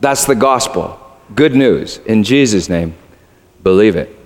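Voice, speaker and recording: A man's voice: on the low side, expressive, measured pace. A man preaching as a pastor, earnest and conversational, with casual fillers. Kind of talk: sermon. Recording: echoey hall.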